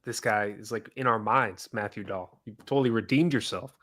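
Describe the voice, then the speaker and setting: A man's voice: on the low side, moderate pace, a bit bright. A man co-hosting a casual sports podcast, asking teasing questions and reading out viewer comments. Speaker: podcast co-host.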